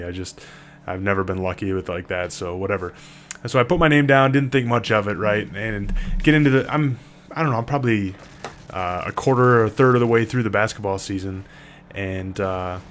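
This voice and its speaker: A man's voice: fairly low pitch, fairly bright tone, a little hiss or hum. A middle-aged man, telling a rambling personal story in a casual vlog. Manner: laid-back, rambling, many fillers. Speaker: vlogger.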